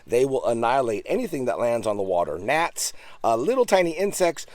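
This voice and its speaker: A man vlogging outdoors beside his backyard koi pond, talking casually and eagerly into a handheld phone camera, his voice jumping up on the exciting bits. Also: a little fast, no echo. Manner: enthusiastic, chatty, pitch jumps up on exciting points. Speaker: fish keeper vlogger. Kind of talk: casual show-and-tell vlog.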